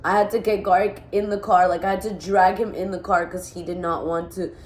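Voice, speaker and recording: A vlogger in her twenties tells a story in a rambling, shaken way, full of fillers and restarts. Her lowish voice runs a little fast with fairly even intonation, recorded in an echoey room.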